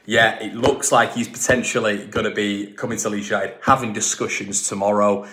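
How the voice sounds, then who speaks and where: A man's voice: fairly low pitch, steady tone, normal speed, noisy background. A man hosting a football fan channel, talking casually and emphatically and often repeating himself and restarting lines.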